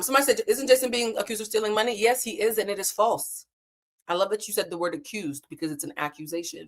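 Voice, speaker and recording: Candid woman chatting live, lower voice. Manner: candid, animated, swears freely. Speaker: livestream host. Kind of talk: casual livestream chat. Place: hotel room.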